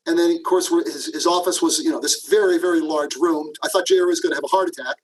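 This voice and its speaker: A man's voice: fairly high pitch, fairly even intonation, fast, few pauses, low-quality recording. A man being interviewed as a guest, telling a career story and often addressing the host by name. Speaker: guest, management professor.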